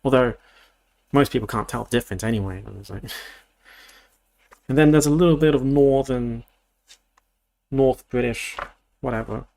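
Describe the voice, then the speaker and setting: Young man, casual streamer chat, gravelly fry, rambles and self-corrects. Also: medium pitch, a little slow, long pauses, a little mellow. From Australia. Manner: rambling, thinking aloud with frequent restarts. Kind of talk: casual livestream chat while building.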